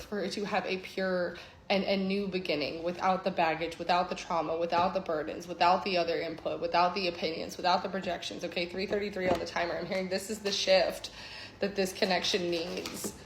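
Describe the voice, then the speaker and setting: A woman's voice: fairly low pitch, fairly even intonation, fairly quick. A woman giving an intuitive tarot reading, with a flowing, reflective delivery that often checks in with "okay?". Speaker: tarot reader. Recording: echoey room, faint background hum.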